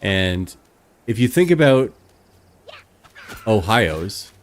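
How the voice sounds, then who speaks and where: A man's voice: lowish voice, very animated, extremely slow, a little hiss or hum. A man, chatting casually with his live stream viewers and rambling through stories with plenty of fillers. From Canada.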